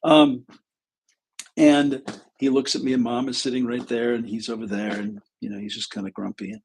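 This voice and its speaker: A man's voice: medium pitch, flat delivery, normal speed, slight background noise. A male therapist talking casually on a livestream, chatty and self-deprecating as he tells funny anecdotes.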